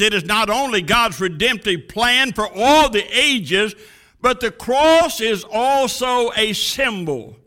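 Man preaching a sermon, high voice, slow and dramatic, goes loud then real quiet. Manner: dramatic preaching cadence, swinging from booming to hushed.

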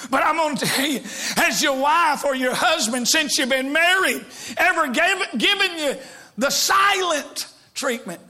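High-voiced shouting evangelist man. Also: animated, unhurried. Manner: preaches with sudden shouts, drops to hushed quotes, humorous asides. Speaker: evangelist preacher. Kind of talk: sermon.

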